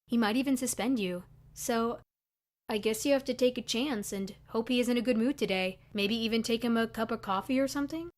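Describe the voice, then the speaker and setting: A woman voicing a sleepy, easygoing young college guy who gives calm, level-headed advice. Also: a little high, a little fast, lightly acted.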